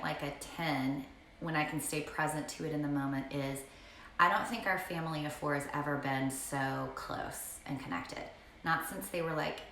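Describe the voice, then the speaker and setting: A middle-aged woman from Southern Alabama with a Southern accent, co-hosting a morning show and telling family stories in an animated, chatty way. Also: sits low. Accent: Southern American. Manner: animated storytelling, quick asides. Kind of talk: casual chat. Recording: roomy echo, faint noise.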